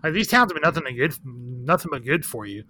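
Bright-voiced man rambling casually. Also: medium pitch, animated, fast talker. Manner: candid, profane, rambling with many fillers. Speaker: guest, record shop owner. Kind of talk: casual chat.

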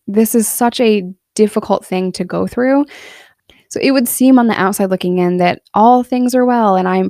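A woman's voice: mid-range voice, darkish tone, dry recording, clean studio sound. A woman in her thirties telling her personal story in a candid, earnest monologue, emotional in places. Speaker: podcast storyteller.

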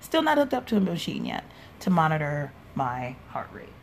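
A young woman with a low voice hosts her own podcast, telling a long personal story in a rambling, casual way. She swears freely and acts out what other people said. A faint hiss of background noise sits under her voice. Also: huge pitch swings, moderate pace, vocal fry. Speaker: podcast host. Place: home, sipping a drink while recording.

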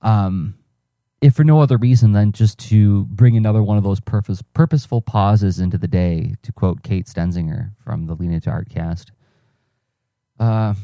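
In a fairly low, mellow voice, a man thinks aloud on his solo podcast, rambling and correcting himself in a casual way. He works as a cartoonist and teaching artist, and the reflective monologue is recorded at studio quality with no room sound.

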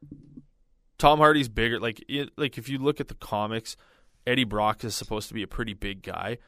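Low-voiced rambling podcast co-host man. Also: a little fast, a bit bright, no echo, clean studio sound. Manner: rambling, lots of "like" fillers. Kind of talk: casual chat.

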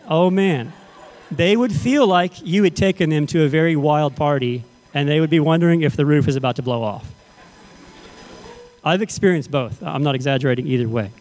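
A man's voice: on the high side, a little mellow. A man preaching a sermon as pastor, talking conversationally and often checking that the congregation is following.

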